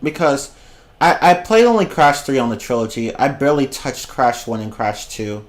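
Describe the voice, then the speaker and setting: A man's voice: mid-range voice, animated, normal speed. A young man on a casual livestream, rambling about games, swearing freely and breaking into giggling fits. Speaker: streamer.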